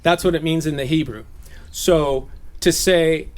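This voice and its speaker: A man's voice: fairly high pitch, a little slow. A man raised in Southern California giving an informal, conversational Bible teaching, laughing at his own jokes.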